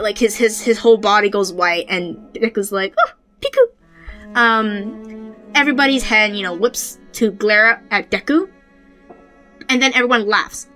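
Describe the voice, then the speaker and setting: A woman's voice: medium pitch, bright, forceful tone. A woman hosting a podcast, talking through manga panels in a casual, rambling way with many fillers and restarts. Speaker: podcast host. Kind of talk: casual manga analysis chat.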